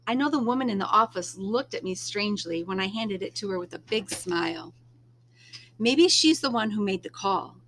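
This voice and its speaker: A woman reading a first-person novel aloud in a soft, unhurried storytelling manner, now and then dropping to a hush. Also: medium pitch. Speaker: reader.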